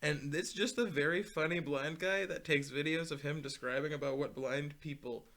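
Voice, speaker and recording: Young male podcast host, bright tone, rambling comic storyteller. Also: on the high side, steady tone, normal speed. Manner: rambling, joking storyteller who acts out quotes. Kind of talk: casual podcast chat.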